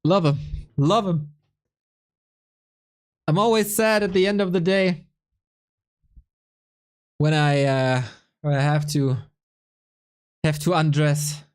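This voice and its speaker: A man casting an esports live stream in a relaxed, chatty way, joking with viewers while sounding tired and a bit unwell. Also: on the high side, slow, long pauses, smooth. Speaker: esports caster.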